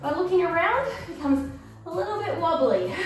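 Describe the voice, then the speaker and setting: A woman's voice: extremely high pitch, lively intonation, normal speed. A woman fitness instructor guiding a workout, encouraging and cueing moves and counting time. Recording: echoey room, mic far off, faint music.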